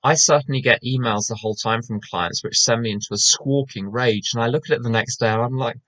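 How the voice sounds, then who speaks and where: Talking fairly quickly with hardly any pauses, a British man from England delivers a conversational recovery talk at medium pitch in a sharp tone with no echo. Wry and full of asides and restarts, he's heard over a slightly dull online call microphone.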